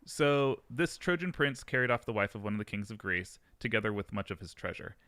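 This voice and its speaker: A man's voice: on the low side, expressive, fairly quick, sharp tone, clean tone, no room sound, clean studio sound. A man co-hosting a podcast, telling a myth in a chatty, hesitant way. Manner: chatty, hesitant, full of fillers and laughs. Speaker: podcast co-host and myth storyteller. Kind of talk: casual comedic storytelling.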